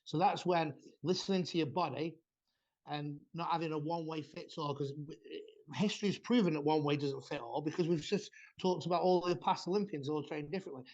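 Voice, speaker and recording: A man's voice: a little high, fairly quick, darkish tone. Blunt man, dull lo-fi sound. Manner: blunt, swears freely, rambling explanations. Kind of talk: casual podcast chat about training.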